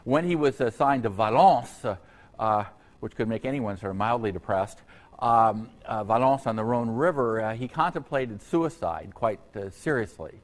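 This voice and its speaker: A man giving an unscripted university history lecture, halting often on fillers and restarts, with conversational asides to his students. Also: medium pitch, animated. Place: lecture hall.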